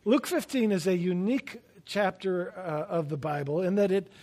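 In this sermon, a pastor's high voice moves at a moderate clip as he jokes at his own expense while telling stories, now loud and emphatic, now dropping to a quiet aside.

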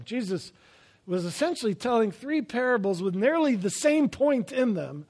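A man preaching a sermon, telling stories with self-deprecating humor and swinging between loud emphasis and quiet asides. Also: very high voice, sing-song, a little slow. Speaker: pastor.

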